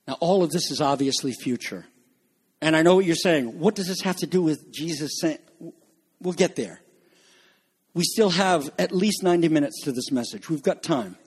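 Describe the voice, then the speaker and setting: High-voiced pastor preaching casually. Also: male voice, darkish tone. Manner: conversational and joking, with asides to the congregation. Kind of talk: sermon.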